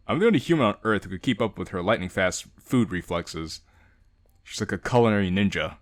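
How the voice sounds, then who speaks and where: A man's voice: lowish voice, no room sound, clean studio sound. A young adult man hosting a let's play, reading a visual novel aloud and joking, laughing often. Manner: animated, laughs often, reads and jokes. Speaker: gaming channel host.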